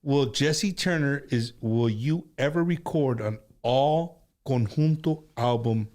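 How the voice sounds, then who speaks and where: Relaxed male show host. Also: mid-range voice, slow pace. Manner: relaxed, repeats and restarts words. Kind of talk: casual interview chat.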